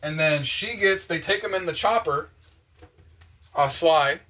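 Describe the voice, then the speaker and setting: A young man chatting casually and excitedly, full of slang and fillers, while doing the dishes in his kitchen. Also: on the high side, unhurried. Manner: excited, slangy, many fillers, acts out quotes. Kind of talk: casual rambling monologue. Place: home kitchen with open windows.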